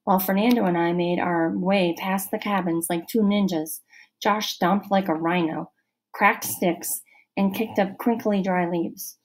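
A woman's voice: on the low side, steady tone, measured pace, rough recording. Woman narrating a storybook. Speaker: audiobook narrator. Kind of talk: first-person storybook narration.

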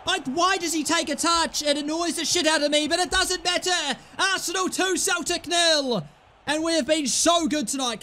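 High-voiced excitable gamer. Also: male voice, slight background noise. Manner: excitable, yells at the game, then mutters low asides. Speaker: gaming YouTuber. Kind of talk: live gameplay commentary.

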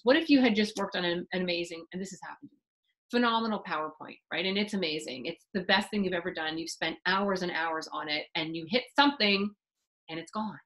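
A middle-aged woman teaching a parenting webinar, explaining with lively asides and acted-out examples. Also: medium pitch, low-quality recording. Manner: animated, acts out parent and child voices mid-explanation. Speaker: parenting therapist giving a webinar.

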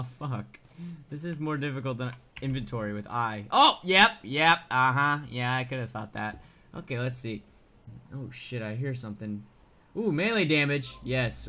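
Excitable swearing gamer man, bright voice. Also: medium pitch. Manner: excitable, swearing, frequent startled outbursts. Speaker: gaming YouTuber. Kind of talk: let's play commentary.

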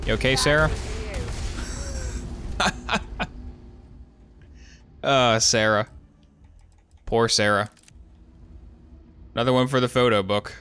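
A man giving casual, sarcastic let's play commentary as he plays, with joking asides and sudden excited yelps. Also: medium pitch, moderate pace, pauses often, clean tone. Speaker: gameplay streamer.

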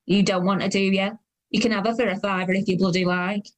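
A woman voicing a loud, crude woman in her thirties on a train, shrill and mocking. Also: little pitch movement, brisk, natural voice. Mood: brash.

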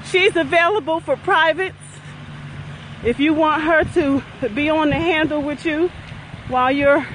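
Breathless high-voiced woman walking outside. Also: noisy background. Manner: upbeat, chatty, cheering herself on. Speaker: investment coach and vlogger. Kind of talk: live-streamed walking vlog. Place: outdoors on a walking path by a pond.

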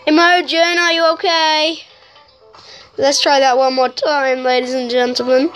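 A woman with a high, bright voice, commentating on a video game in a casual, excitable way. She talks at an unhurried pace, calling out to her viewers. Faint music plays in the background. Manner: excitable, exclaiming and talking to viewers. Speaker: gaming YouTuber. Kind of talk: casual let's-play commentary.

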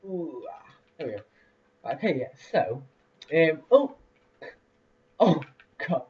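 Young man, casual game commentary, animated, lo-fi recording. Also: on the high side, slow. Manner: chatty, rambling, lots of fillers and laughs. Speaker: let's play host. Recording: distant lo-fi mic.

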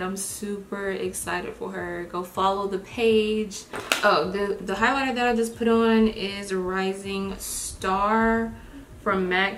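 A young woman chatting casually to viewers while doing her makeup, expressive and lively, calling them y'all. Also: medium pitch, slight background noise. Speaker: beauty vlogger. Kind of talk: casual get-ready-with-me chat. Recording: roomy home recording.

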